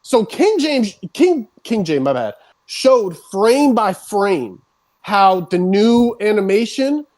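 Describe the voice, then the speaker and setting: Streamer, profane rant, voice cracking, mid-range pitch. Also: very animated, slow. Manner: swears constantly, escalates into shouting. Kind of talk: heated rant.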